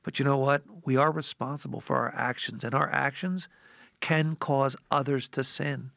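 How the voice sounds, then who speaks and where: Gravelly man telling an earnest story. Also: mid-range voice, steady tone, normal speed, bright, forceful tone, dry recording, studio quality. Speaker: co-host sharing a reflection. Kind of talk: personal testimony.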